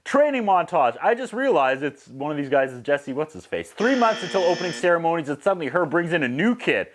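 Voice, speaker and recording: Animated man recapping a movie. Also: a little high, fairly quick. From Canada. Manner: animated, mimics whistles and acts out quotes. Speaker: movie reviewer.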